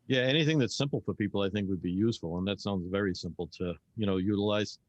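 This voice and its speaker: Fast-talking low-voiced man, dry sound. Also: dry recording, lo-fi sound. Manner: quick, jokey storyteller. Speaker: podcast co-host. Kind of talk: casual podcast chat.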